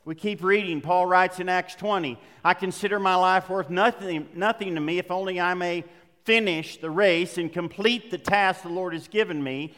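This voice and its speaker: A man's voice: sits high, normal speed, fairly bright tone. A man preaching a sermon as pastor, talking conversationally and building to emphatic passages. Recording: long hall reverb.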